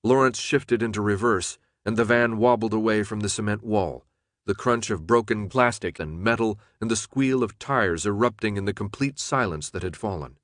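A man's voice: on the low side, normal speed, fairly bright tone, no room sound. Man narrating an audiobook, dry close sound. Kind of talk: scripted narration.

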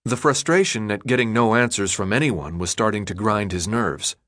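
A man narrating an audiobook in an expressive, dramatic storytelling manner. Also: on the low side, normal speed. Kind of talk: scripted narration.

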